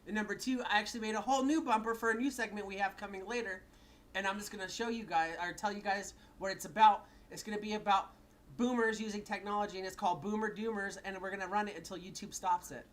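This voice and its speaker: A man's voice: high voice, fairly even intonation, fast talker, a bit bright. A man co-hosting a podcast in casual chat, rambling and swearing, laughing often. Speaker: podcast co-host.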